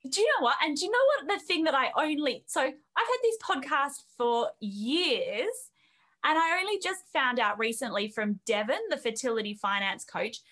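A woman's voice: high-pitched, animated, normal speed, fairly bright tone. A woman with an Australian accent hosting a podcast interview in a bubbly, chatty way, laughing easily. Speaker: podcast host.

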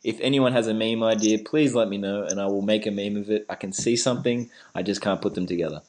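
A man's voice: on the low side, quick pace, darkish tone, poor audio. A man co-hosting a casual sports podcast, joking and laughing, often repeating words as he goes. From Australia. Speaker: podcast co-host.

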